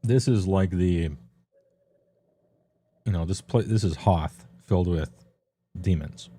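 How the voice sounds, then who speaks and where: Man, deep voice, very dark tone, casual streamer commentary, offhand rambling. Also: slow pace. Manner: loose and offhand, many ums, laughs at himself. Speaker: streamer reviewing tabletop game books.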